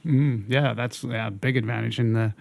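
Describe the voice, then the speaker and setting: A male podcast host with a gravelly, creaky voice. He leads a casual interview with easygoing questions and frequent short replies of support. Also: medium pitch, steady tone, moderate pace, darkish tone.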